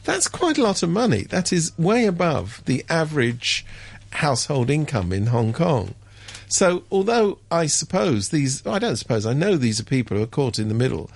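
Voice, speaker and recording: A man chatting on a radio show, wry and sardonic, mimicking people in sudden high voices. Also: big pitch swings, moderate pace, gravelly, breathy edge, no room sound. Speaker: radio commentator. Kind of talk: casual radio chat.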